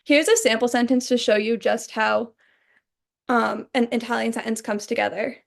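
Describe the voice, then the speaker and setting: A young woman delivers a recorded class presentation in a clear, explanatory way. Her voice sits a little high and carries a gravelly edge. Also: steady tone, moderate pace. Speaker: student presenter.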